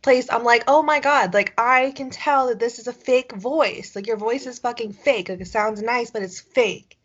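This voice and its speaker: The dull lo-fi audio captures a young woman co-hosting a podcast at a normal speed in a slightly high voice. She chats casually and rambles, filling every gap with fillers and dropping casual curses.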